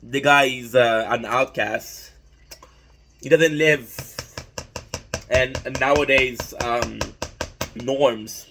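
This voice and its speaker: A young man with a bright, forceful voice talks casually through a cooking-and-eating vlog. He drops swear words freely and throws in hyped asides as he goes. His pitch sits in an ordinary middle range for a man. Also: steady tone, very slow, long pauses, a little hiss or hum. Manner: loose and profane, hyped asides. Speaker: mukbang vlogger.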